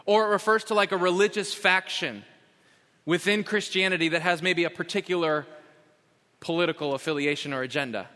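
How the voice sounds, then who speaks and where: A male pastor delivers a sermon in a high, bright voice. He is emphatic, slowing down and repeating key phrases. The sound carries a long church-hall reverb. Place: church sanctuary.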